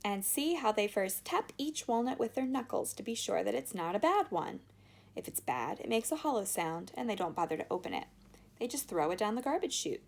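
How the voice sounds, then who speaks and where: Woman reader plays a quick, bossy, triumphant eccentric chocolate maker with a lively, leaping voice. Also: medium pitch, vocal fry. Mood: eager.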